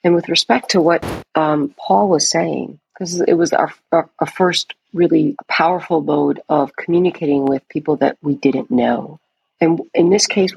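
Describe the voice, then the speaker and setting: A panel guest explains ideas with enthusiasm. The voice is gravelly and husky. It sounds dry, with no room around it. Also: mid-range voice, no room sound, rough recording. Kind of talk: panel discussion.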